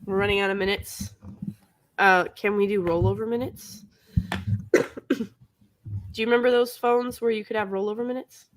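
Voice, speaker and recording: A woman from the American Midwest co-hosting a podcast, chatting casually and excitedly, laughing often and jumping up in pitch when she tells a story. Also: normal speed, pauses often. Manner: bubbly, laughs often, voices swing high. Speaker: podcast co-host. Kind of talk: casual chat.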